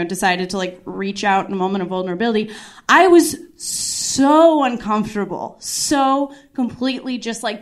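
Higher-voiced woman rambling through stand-up. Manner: rambling, self-deprecating, lots of "like" and restarts. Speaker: stand-up comedian. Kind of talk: stand-up storytelling.

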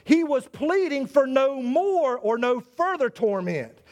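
A male pastor delivers an impassioned sermon in a strikingly high voice. He repeats words and starts phrases over as he presses each point on his congregation. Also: sing-song, slow, few pauses, a little mellow. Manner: impassioned preaching with repetitions and restarts.

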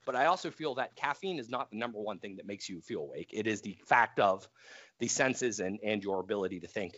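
Lively bright-voiced man on a podcast. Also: on the low side, fairly quick, dry recording. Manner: animated, jokey, with frequent "you know". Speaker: podcast co-host. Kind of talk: casual chat. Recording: dull lo-fi sound.

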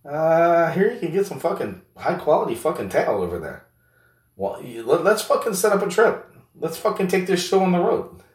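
A brash, mocking male buddy, put on by a man talking to himself for laughs, his voice raised well above the speaker's own low register. He taunts and curses at every turn. The sound is roomy and echoing, with the mic set at a distance. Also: very animated, normal speed. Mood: crude teasing. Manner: crude, taunting, constant swearing.

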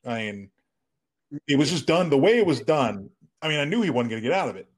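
A man's voice: fairly high pitch, very animated, brisk, breathy edge. A man co-hosting a casual podcast, blunt and opinionated, with filler hedges. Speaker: podcast co-host. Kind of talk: casual chat.

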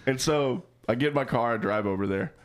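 A man's voice: medium pitch, a little fast, smooth. A man telling stories in casual, profane, joking talk as co-host of a radio chat show.

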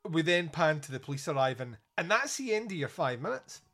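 A man hosting a podcast, reviewing a film in casual chat, animated and swearing often. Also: a little high, a little fast. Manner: animated, swearing, acts out lines in loud voices. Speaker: podcast host.

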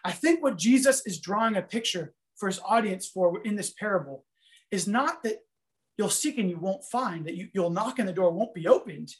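A man giving a sermon, telling a story in an animated, conversational way full of fillers. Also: sits high, moderate pace. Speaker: preacher.

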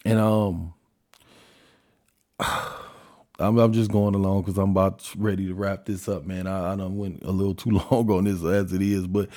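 A low-pitched, mellow male voice holds a level tone at a moderate pace. The speaker is an adult father and podcast host giving a solo opinion monologue, a blunt rant heavy with profanity and rhetorical questions.

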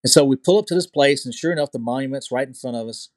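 A man from Louisiana with a Southern US accent, a podcast guest telling a personal story excitedly, repeating phrases and checking in with the listener. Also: mid-range voice, fast talker, no echo.

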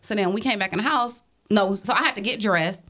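A middle-aged woman co-hosting a casual talk show, telling a family story in animated, chatty bursts and acting out what people said. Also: medium pitch, fairly quick. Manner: animated, acts out quoted family dialogue.

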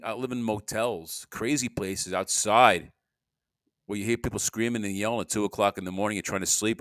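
A man's voice: fairly low pitch, no room sound, studio quality. Rambling older man ranting solo. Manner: rambling, restless, rants with sudden bursts. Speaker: podcast host.

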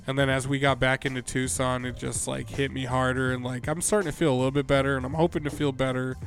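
A man's voice: mid-range voice, flat delivery, fast talker, soft background music. A man co-hosting a podcast in casual chat, a bit nasally and under the weather, laid-back and profane. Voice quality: nasally from a cold. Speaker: podcast co-host.

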